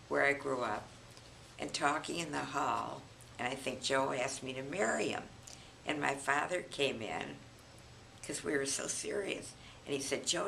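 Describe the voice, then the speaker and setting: An elderly woman in her eighties, recounting family memories in an unhurried, reminiscing way as a grandmother being interviewed. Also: a bass voice, gravelly, bright, forceful tone, a little hiss or hum, rough recording. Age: 80s. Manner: reminiscing, unhurried, chuckles often.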